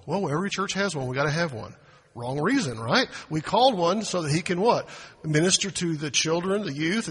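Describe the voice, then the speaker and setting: A man's voice: on the high side, fairly bright tone, slightly rough, long reverb tail. A man preaching a sermon as pastor, emphatic, asking the congregation rhetorical questions. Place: church sanctuary.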